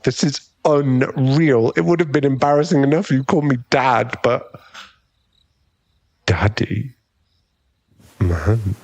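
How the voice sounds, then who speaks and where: Male voice actor as a cocky young rival for an ASMR role-play: gravelly, slow and smug, always teasing. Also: on the low side, heavily acted. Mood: gleeful taunting. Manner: taunting, smug, chuckling. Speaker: ASMR roleplay performer.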